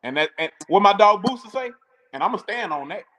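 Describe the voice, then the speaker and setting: A man's voice: high-pitched, animated, brisk, sharp tone, low-quality recording. A man co-hosting a sports podcast, bantering and repeating his points in playful trash talk. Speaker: podcast co-host.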